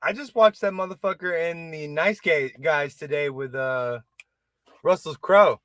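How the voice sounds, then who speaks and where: A man with a high, bright voice talks in a loose, rambling way. He gets excited, starts sentences over and swears casually. The sound is close and dry. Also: a little slow, no room sound. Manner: rambling, excitable, swears freely, many restarts. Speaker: podcast host. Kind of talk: casual chat.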